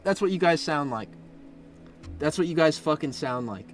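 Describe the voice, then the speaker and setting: Young man, high voice, streamer, casual profane commentary, loud ranting bursts. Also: expressive, moderate pace, pauses often, soft background music. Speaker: streamer reviewing fan art.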